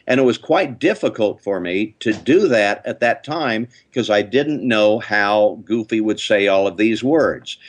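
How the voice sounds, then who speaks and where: An older man, a voice actor, telling lively interview anecdotes. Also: lowish voice. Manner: lively storyteller, slips into character voices. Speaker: voice actor guest.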